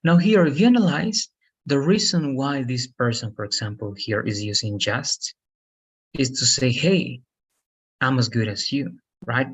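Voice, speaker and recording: Husky man patiently teaching English. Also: mid-range voice, normal speed, low-quality recording. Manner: patient, repetitive explaining with frequent "all right" and "okay". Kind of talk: one-on-one online lesson.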